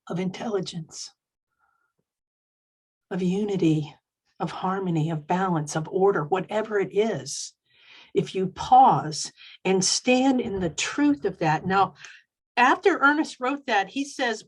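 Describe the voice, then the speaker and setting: Slow emphatic woman minister preaching. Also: medium pitch, husky. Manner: expressive, emphatic, slowing for key phrases. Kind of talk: sermon.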